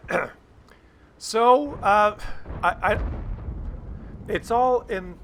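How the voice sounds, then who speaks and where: Male gaming host, slightly higher voice, rambling, jokey, excitable commentary. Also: very slow, vocal fry, long pauses, slight background noise. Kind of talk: casual gameplay commentary.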